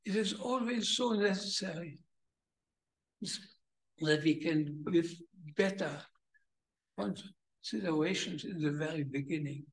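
An older man with a heavy German accent, a native German speaker, giving a welcome speech at a conference and searching haltingly for English words. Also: on the high side, reverberant, poor audio. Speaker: guest speaker. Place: conference villa hall.

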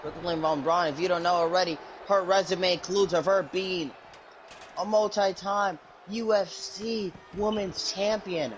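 A man hosting and calling play-by-play for a match, jokey and excitable, breaking into high yelps when surprised. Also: measured pace, highs cut off, a little hiss or hum. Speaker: host and commentator.

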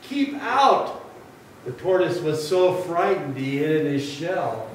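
A man leading a children's message at a church service, speaking gently and playfully to a young child and telling a story. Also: fairly high pitch, measured pace, far from the mic, a little hiss or hum. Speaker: pastor. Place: church sanctuary. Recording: echoey sanctuary, mic from afar.

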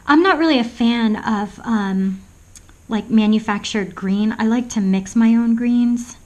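A woman's voice: on the high side, a little slow, poor audio. A woman chatting casually while demonstrating a painting, rambling and hesitant with many ums, often dropping to a whisper and laughing at her own jokes. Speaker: art vlogger.

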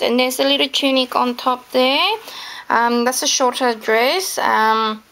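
Woman, fairly high voice, gravelly fry, chatty sewing tutorial, gushing. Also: a little slow, sharp tone. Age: adult with children. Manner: chatty and gushing, with many fillers. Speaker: craft tutorial maker.

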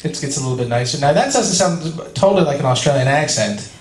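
A man in his forties from California speaks fast and expressively in a voice on the high side. At a convention panel he tells stories in a casual, chatty Q&A, poking fun at himself and laughing often. Echo and crowd noise come from the convention hall.

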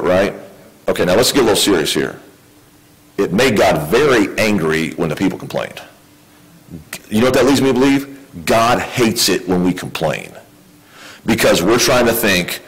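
A man's voice: fairly low pitch, a bit bright, rough recording. A male pastor preaching a sermon in a conversational way, often asking his congregation questions. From United States.

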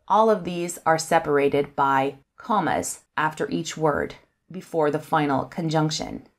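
Woman w teaching grammar, slow and careful, kinda low voice. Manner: reads example sentences aloud, naming each comma in a soft dropped voice. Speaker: English teacher. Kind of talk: slow, careful lesson explanation.

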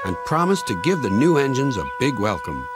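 A man narrating a storybook in an expressive, storytelling manner. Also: medium pitch, brisk. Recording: music playing loudly behind.

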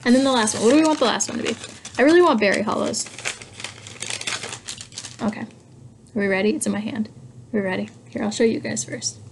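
A young woman chatting casually as she unboxes collectible pins, thinking aloud and getting excited over each one. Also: on the high side, fast, gravelly, long pauses, a little hiss or hum. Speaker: hobby vlogger.

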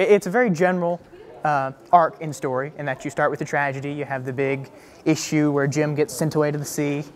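A teenage boy, a young stage actor, eagerly answering interview questions in an articulate, quick way with casual fillers. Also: a little high. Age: teens. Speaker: youth theater actor.

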